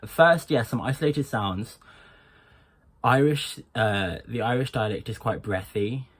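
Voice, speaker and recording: A young man gives an unhurried, explanatory tutorial, pausing often. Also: medium pitch, husky. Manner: unhurried, explanatory, with frequent pauses. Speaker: accent coach. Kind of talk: informal tutorial.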